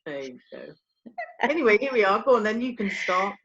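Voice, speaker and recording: A woman's voice: medium pitch, very animated, a little fast, a bit bright. A woman co-hosting a vocal group's update, chatting and teasing her partner over a video call. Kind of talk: casual chat on a video call. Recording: dull lo-fi video call audio.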